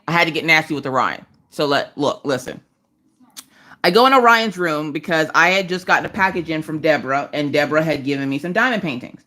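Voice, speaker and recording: Speaking briskly in a low voice, a woman in her thirties hosts a couch livestream, chatting casually as she crafts. She tells animated tales and slips into voices for anyone she quotes.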